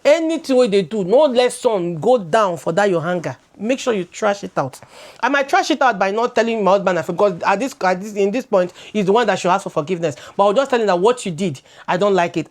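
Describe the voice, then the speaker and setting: A Nigerian woman in her thirties, co-hosting a relaxed talk show. She talks animatedly, drifts between English and Pidgin, and circles back over her own words as she makes her point. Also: mid-range voice, fast talker. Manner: animated, switching into Pidgin, laughing, repeating words as she goes. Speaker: co-host. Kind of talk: casual chat.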